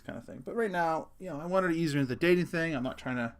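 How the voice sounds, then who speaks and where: A middle-aged father ranting casually to his viewers, his voice sitting a little on the high side. He talks in an animated, emphatic way, jumps to loud bursts and swears freely. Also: very fast. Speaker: vlogger, father. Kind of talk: casual rant to camera.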